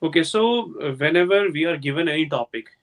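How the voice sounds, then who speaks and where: A man's voice: on the high side, lively intonation, a little fast, a bit bright. A man with an Indian English accent, explaining earnestly as he answers a teacher's questions. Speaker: English trainer.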